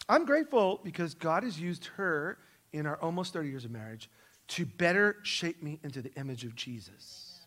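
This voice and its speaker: Middle-aged guy preaching a sermon in church, pretty high voice, punches words loud then drops soft, pokes fun at himself. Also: animated, normal speed. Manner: emphatic and self-deprecating, swings between loud stresses and soft asides. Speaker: pastor. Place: church sanctuary.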